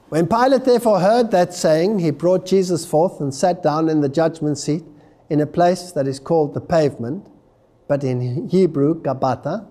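Male lecturer, high and lively pitch, mellow tone, slow deliberate delivery, dramatic scripture reading. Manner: reads scripture aloud with dramatic emphasis. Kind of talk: Bible prophecy lecture.

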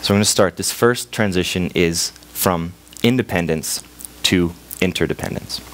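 A man's voice: low-pitched, normal speed, a bit bright, slight background noise. A young man from Canada preaching a sermon in church, telling a parable and acting out its voices. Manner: storytelling, acts out voices in a parable.

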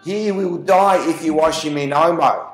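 Firm lecturing shop manager, aussie guy doing it, a bit high, echoey. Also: moderate pace, soft background music, lightly acted. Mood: scolding. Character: patient adult male shop manager. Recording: echoey room.

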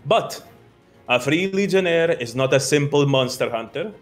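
A man voicing a pompous male military officer and grand showman, with a booming, declamatory, theatrical delivery. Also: animated, moderate pace, faint music behind, lightly acted. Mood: showy, teasing.

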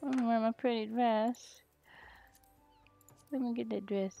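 A young woman streaming a video game, muttering to herself as she plays and bursting into excited squeals. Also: a little high, measured pace, vocal fry, soft background music. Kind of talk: casual gaming stream chatter.

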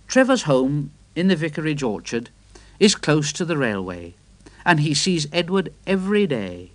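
A man reading a children's railway story aloud, gentle and expressive. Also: a little high, moderate pace, no room sound.

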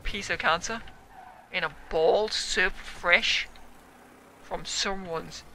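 A young man, a gaming YouTuber, giving loud, excitable commentary on his own play, yelling, swearing and laughing. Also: sits high, slow, slight background noise.

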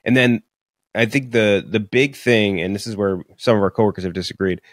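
A man's voice: fairly low pitch, steady tone, brisk, dry recording, studio quality. Man rambling through a movie review. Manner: rambling, filler-heavy, profane. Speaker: podcast co-host. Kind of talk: casual movie review chat. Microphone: studio podcast mic.

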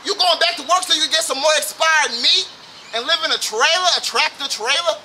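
High-voiced man ranting outdoors. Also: a little fast. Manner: loud, profane, animated ranting. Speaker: comedian host. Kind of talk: comedic rant. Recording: outdoor noise with birds and traffic.

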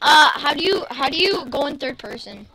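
A young gamer girl giving excitable, shouty commentary while playing online, yelling at other players. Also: high voice, normal speed.

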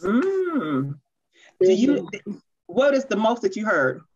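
A grandmotherly woman runs a virtual workshop for teachers, chatting fast and poking fun at herself. Her voice comes through a dull, lo-fi video call connection. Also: mid-range voice, huge pitch swings, darkish tone, husky. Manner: fast-talking, chatty and self-deprecating. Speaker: workshop presenter. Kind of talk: online teacher training workshop.

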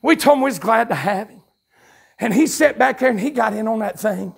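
A Southern US pastor preaches a revival sermon at a church camp meeting, telling his story and then rising into fervent, shouted preaching. His voice sits very high for a man and has a rough, gravelly edge. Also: animated, brisk.

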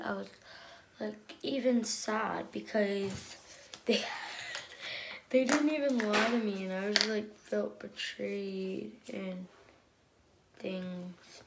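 A young woman telling a casual storytime, chatty and excitable, with many fillers. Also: medium pitch, background noise.

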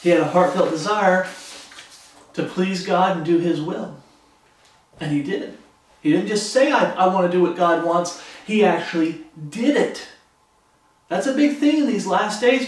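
A man preaching a sermon, fervent and animated, acting out the voices of the people in his story. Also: high-pitched. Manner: fervent, acts out quoted voices. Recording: echoey room from far off.

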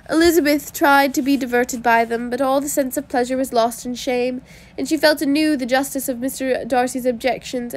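A woman reads a classic novel aloud for an audiobook, her voice sitting high. She keeps a steady reading pace and now and then stumbles over a word and starts it again. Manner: reads with small slips and restarts. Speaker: audiobook reader.

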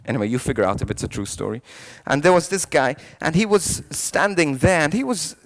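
A priest telling a story in a youth sermon, swinging from soft lines to loud ones and often restarting his words. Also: on the high side, fairly quick. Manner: animated storyteller, jumping between hushed lines and loud shouted quotes; frequent restarts and repeated words.

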